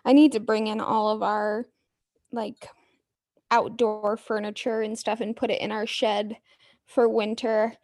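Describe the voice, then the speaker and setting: A woman co-hosting a podcast in casual chat, tossing in quick reactions and teasing asides. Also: mid-range voice, flat delivery, darkish tone, no room sound, studio quality. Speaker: podcast co-host.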